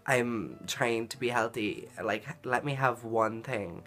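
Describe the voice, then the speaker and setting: A woman's voice: a bass voice, takes it slowly, a bit bright, soft background music. A woman vlogging a personal story in a casual, earnest way, full of "like" and "um" fillers. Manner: chatty, filler-heavy, frequent "like" and "um"; earnest and emotional in retelling.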